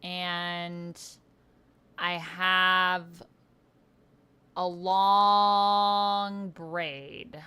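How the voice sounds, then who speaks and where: Bright-voiced chatty Canadian woman. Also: fairly low pitch, level tone, drawn-out words, long pauses, clean tone. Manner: chatty, rambling storyteller with frequent laughs. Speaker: player. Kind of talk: tabletop game livestream chat.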